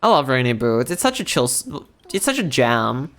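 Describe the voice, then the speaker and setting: A man's voice: medium pitch, big pitch swings, moderate pace, fairly bright tone. Rambling young male streamer. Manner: rambling, lots of "like" fillers and restarts. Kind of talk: casual chat while gaming.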